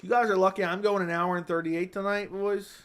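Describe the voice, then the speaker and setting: A man's voice: high-pitched, flat delivery, brisk, a bit bright, smooth. Crude joking man hosting a stream. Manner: crude, joking, teasing chatters. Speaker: livestream host reading chat. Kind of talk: casual livestream chat. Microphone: studio dynamic mic.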